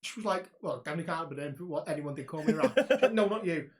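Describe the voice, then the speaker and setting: A man's voice: fairly high pitch, rapid-fire. A young man co-hosting a casual podcast chat, telling anecdotes with frequent laughter and swearing. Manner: animated storyteller, laughs often, swears freely. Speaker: podcast co-host.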